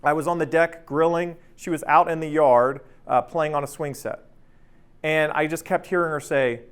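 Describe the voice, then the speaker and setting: A man's voice: fairly high pitch, moderate pace, clean tone. A man in his thirties leading a workplace training session in a casual, conversational way, often checking in with "right?". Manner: conversational, keeps asking "right?"; energetic, acts out anecdotes. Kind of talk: casual workshop talk.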